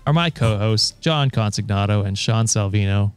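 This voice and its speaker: A man hosting a podcast in casual chat, upbeat and quick to laugh. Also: fairly low pitch, clean tone, faint music behind. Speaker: podcast host.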